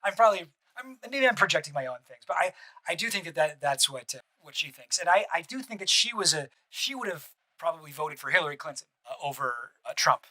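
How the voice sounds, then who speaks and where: A man gives casual reaction commentary on a stream at a rapid clip. His voice is high and bright with an edge. He rambles, restarts sentences and swears bluntly. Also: very animated, poor audio.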